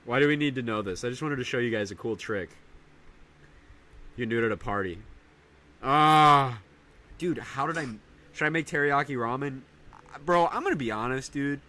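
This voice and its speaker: A young man streaming casually, rambling in slang and breaking into loud high yells. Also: a little fast. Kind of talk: casual live-stream chat.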